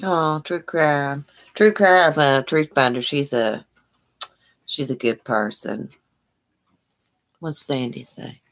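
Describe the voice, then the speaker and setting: Taking it slowly with long pauses, a woman with an extremely low-pitched voice hosts a casual livestream. She reads viewer comments aloud and answers them with sympathy, chatty and folksy.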